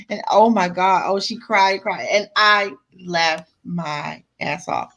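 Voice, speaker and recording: Animated woman telling stories on a video call. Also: on the low side, slow, gravelly, few pauses. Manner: animated, profane storyteller acting out readers' reactions. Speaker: author. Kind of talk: casual group chat.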